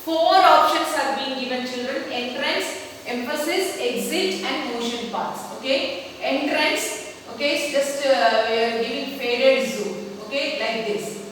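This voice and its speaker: A woman's voice: high-pitched, measured pace, fairly bright tone. A woman teacher with an Indian English accent, giving a computer lesson to children and checking in with them constantly. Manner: addresses pupils as children, repeats okay and see. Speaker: schoolteacher. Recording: echoey room, far from the mic, faint noise.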